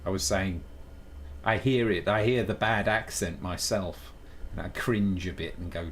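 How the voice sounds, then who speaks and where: A man's voice: sits low, a little slow, fairly bright tone, a little hiss or hum. A man chatting casually on a live stream while he programs, thinking aloud, joking at his own expense and switching between English and Italian. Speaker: live streamer coding on air.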